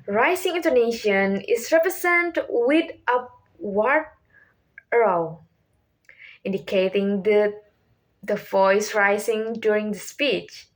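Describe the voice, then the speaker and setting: A young woman whose first language is Indonesian, reading a class presentation from a script as questions and answers, with small restarts. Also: mid-range voice. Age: young adult. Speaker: student presenter.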